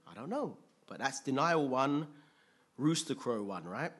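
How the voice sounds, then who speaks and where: A man preaching a sermon, retelling a story with lively, jokey slang asides. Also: on the high side, moderate pace, husky.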